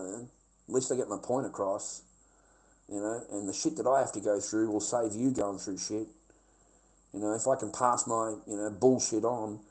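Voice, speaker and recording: A man's voice: fairly low pitch, dark tone, poor audio. A man livestreaming, ranting in a blunt, rambling way full of swearing. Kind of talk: casual livestream rant.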